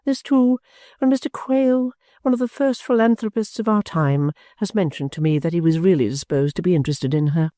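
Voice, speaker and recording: A self-absorbed, middle-aged mother, played by a woman, who brushes off her child in a calm, clear, lowered voice. Her manner is smooth and condescending, and the tone is mellow. The sound is dry and close. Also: a little fast, no room sound. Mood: serene, dismissive. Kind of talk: audiobook character voice.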